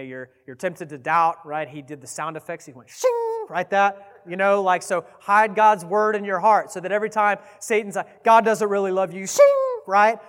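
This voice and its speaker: A man with a fairly high voice preaches a sermon in an earnest, steady way that builds to emphatic appeals. His voice rings out with a long reverb trailing behind it, as in a large church sanctuary. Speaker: pastor.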